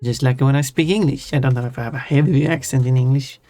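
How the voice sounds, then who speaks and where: A Swedish-accented livestreamer talks things through in a loose, chatty way, backtracking and rephrasing as they explain. The voice sits at an ordinary middle pitch, and the sound is dry and close with no room echo. Soft music plays faintly underneath. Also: steady tone, fast. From Sweden. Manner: chatty and explanatory, thinks aloud with restarts. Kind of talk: casual live-stream chat. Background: faint background music.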